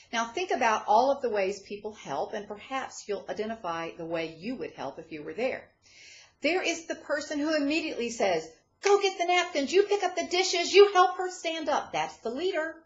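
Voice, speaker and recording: Expressive middle-aged woman giving a devotional. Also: on the high side. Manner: storytelling, expressive. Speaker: ministry leader. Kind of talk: devotional talk. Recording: dull lo-fi recording.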